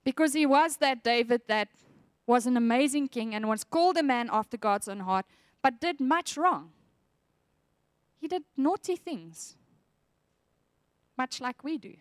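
A woman's voice: sits high, lively intonation, measured pace, pauses often, no echo, studio quality. A woman preaching a sermon, earnest and reflective, reading scripture aloud with feeling.

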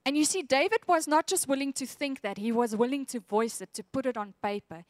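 A woman's voice: high-pitched, brisk, no room sound, clean studio sound. A woman preaching a sermon, earnest and reflective, reading scripture aloud with feeling.

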